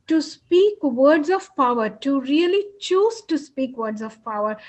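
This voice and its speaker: A woman guest in an interview, telling a personal story earnestly and emotionally, pausing often with fillers. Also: sits high.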